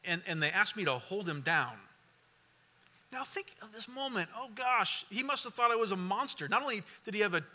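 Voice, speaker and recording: Preaching a sermon and prayer, a pastor in his forties shares a personal story with earnest, halting delivery. His voice is high-pitched with lively intonation, repeating words and dropping very soft when things turn tender.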